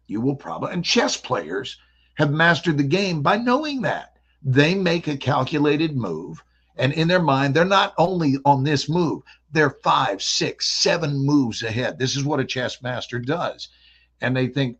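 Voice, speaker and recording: A man from the American South, an actor guest telling stories in a playful, animated way. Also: fairly high pitch, unhurried, slightly rough. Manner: playful, animated, slips into character voices. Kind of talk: casual interview storytelling.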